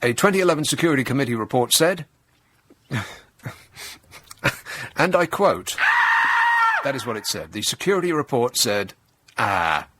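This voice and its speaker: A middle-aged man, hosting a radio talk show and delivering a sarcastic, deadpan satirical monologue. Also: mid-range voice, normal speed, long pauses, a little hiss or hum. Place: radio studio. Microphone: close studio microphone.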